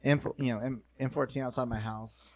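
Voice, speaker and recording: A man's voice: medium pitch, steady tone, a little fast. A man co-hosting a podcast, throwing in sarcastic joking remarks in casual chat. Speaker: podcast co-host.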